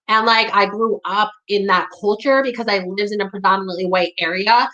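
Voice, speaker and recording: A young woman from the New York area speaking candidly in conversation, blunt and profane, with a steady stream of "like" and "you know". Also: mid-range voice, brisk, hardly any pauses, rough recording. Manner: blunt, profane, heavy use of "like".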